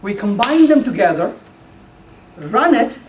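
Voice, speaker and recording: A man's voice: sits high, very animated, a little slow, highs cut off. Playful man lecturing in a roomy hall. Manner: playful, teasing the audience with questions. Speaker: conference speaker. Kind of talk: live technical talk. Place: meeting room before an audience. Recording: roomy, distant, faint room noise.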